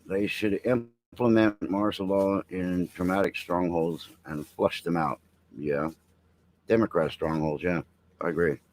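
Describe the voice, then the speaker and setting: This middle-aged man's low-pitched voice is steady and a little mellow, his delivery a little slow, over a rough recording. Hosting a veteran's live stream, he goes through headlines and riffs on them with blunt humor, chatting with viewers.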